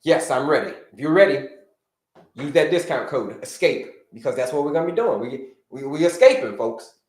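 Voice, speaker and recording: A man hosting a live health-coaching stream, talking to viewers in an animated, repetitive, preacher-like cadence. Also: fairly high pitch, normal speed, roomy sound.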